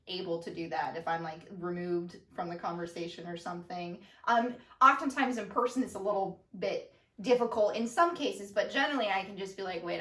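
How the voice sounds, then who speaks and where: A young woman, co-host and daughter, chatting in an animated, goofy way and acting out her own thoughts. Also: mid-range voice. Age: young adult. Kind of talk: casual conversation. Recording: roomy, distant from the mic.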